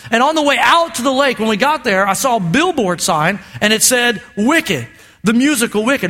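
A man preaching a sermon to a congregation, animated and joking, calling out for amens. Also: extremely high pitch. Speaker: pastor. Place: church auditorium with congregation.

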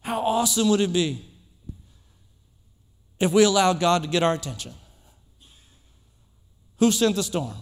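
High bright preacher guy, emphatic, keeps repeating and building, church echo all around. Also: expressive, measured pace, pauses often. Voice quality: emphatic, repetitive, builds to shouts. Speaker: pastor. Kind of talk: sermon. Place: church sanctuary.

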